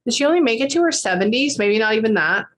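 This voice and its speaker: A woman giving a psychic reading in casual chat, talking quickly and pausing often to say "hold on" as she relays what she hears. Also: fairly high pitch. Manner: chatty, animated, acts out quotes, frequent "hold on" pauses. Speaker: psychic medium.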